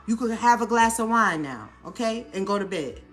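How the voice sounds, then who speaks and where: A woman with a New Orleans accent chatting casually while making a salad in a home kitchen, animated and coaching, often checking in with her viewers. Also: medium pitch, moderate pace, faint music behind. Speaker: lifestyle vlogger. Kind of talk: casual cooking vlog talk.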